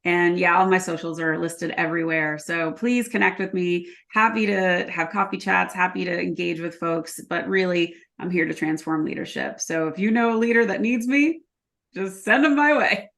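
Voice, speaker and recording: A woman guest on a podcast who tells her stories with energy and acts out the back-and-forth. Her voice sits a little low and has a gravelly, fry-touched edge. She talks casually and drops frequent ums as she goes. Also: moderate pace. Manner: energetic storyteller, acts out quoted dialogue; filler-heavy, frequent ums. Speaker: podcast guest, leadership consultant. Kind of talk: casual interview conversation.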